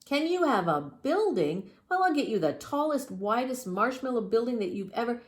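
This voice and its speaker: A woman's voice: on the high side, very animated, pitched above the performer's own voice. A woman voicing a grand, boastful circus man in a read-aloud story. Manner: boastful, slow and promising.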